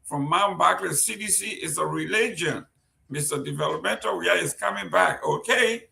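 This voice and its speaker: A man's voice: high voice, moderate pace, vocal fry, pushed and bright. A man from Liberia hosting a live-streamed talk show, chatty and joking as he reads out viewers' greetings. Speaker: host. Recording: roomy echo.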